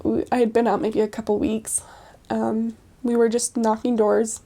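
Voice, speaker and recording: A young woman tells stories in a loose, chatty way, scattering "like" and quick laughs through her sentences. Her voice sits fairly high but sounds warm and mellow rather than bright. She speaks as a returned missionary being interviewed. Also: level tone. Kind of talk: casual storytelling interview.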